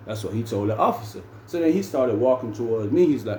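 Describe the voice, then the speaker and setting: A man's voice: medium pitch, animated, moderate pace, few pauses, darkish tone. A man telling a story casually and animatedly, with heavy slang and frequent "bro" and "man". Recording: roomy room with faint ambient noise.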